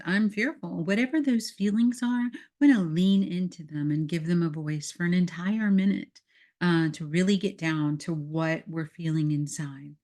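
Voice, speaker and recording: A woman's voice: lowish voice, darkish tone. A woman leadership coach talking listeners through an exercise step by step, repeating key words for emphasis. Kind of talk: guided exercise instruction.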